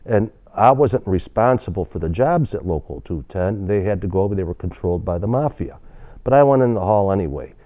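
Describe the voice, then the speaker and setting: A man's voice: low voice, lively intonation, brisk, highs cut off. An older man, a guest telling long stories in an interview, rambling with many restarts and fillers. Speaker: guest, author. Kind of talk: storytelling interview.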